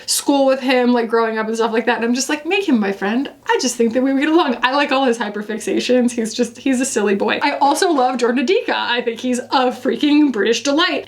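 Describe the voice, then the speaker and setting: Chatty, playful woman with a bright pitch. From Florida, USA. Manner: chatty and playful, many fillers and jokey asides. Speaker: beauty reviewer. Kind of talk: casual makeup vlog chat.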